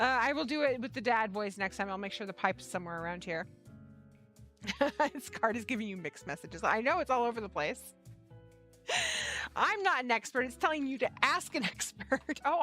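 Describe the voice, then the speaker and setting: Chatty woman with a bright voice. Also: fairly high pitch. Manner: chatty, laughs often, swears casually. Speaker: livestream host and yarn shop owner. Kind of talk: casual live-stream chat.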